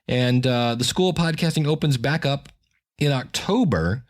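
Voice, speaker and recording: A man's voice: medium pitch, moderate pace. A man hosting a podcast, giving a friendly, chatty sign-off with plugs and reminders. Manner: friendly, chatty promo with fillers. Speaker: podcast host.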